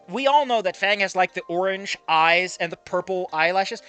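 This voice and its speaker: A streamer reacting to a fan comic in casual live commentary, excitable and swearing, jumping between shouted outbursts and low muttering. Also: fairly quick, few pauses, soft background music.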